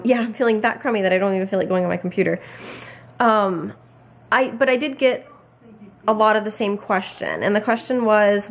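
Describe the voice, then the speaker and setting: A tired young woman giving a casual pregnancy update to her camera, chatty and rambling with many fillers and restarts. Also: medium pitch. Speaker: vlogger.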